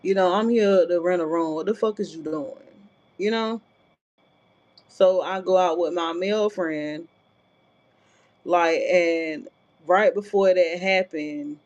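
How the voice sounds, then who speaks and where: A woman vlogger telling a personal story in a casual, blunt, profane way, with frequent filler asides. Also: fairly low pitch. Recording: dull lo-fi sound.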